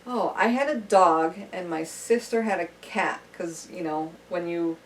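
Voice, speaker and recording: A woman with a lowish voice chats casually, full of "um" and "like" as she gets her thoughts out. She sounds set back from the mic, with a faint hum of room noise. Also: recorded from a distance, low-quality recording. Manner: chatty, halting with many fillers. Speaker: podcast guest. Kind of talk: casual chat.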